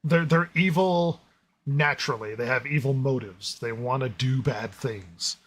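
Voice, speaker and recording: A man co-hosting a casual review podcast, talking in an animated way, laughing often and lowering his voice to stress a point. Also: measured pace, a crowd in the background. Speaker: podcast co-host.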